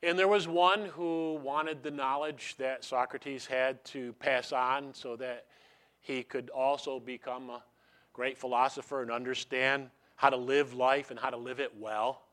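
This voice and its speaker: A man's voice: medium pitch, steady tone, measured pace, a bit bright. A man preaching a sermon in a conversational way, repeating his key phrases and ending in prayer. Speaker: pastor.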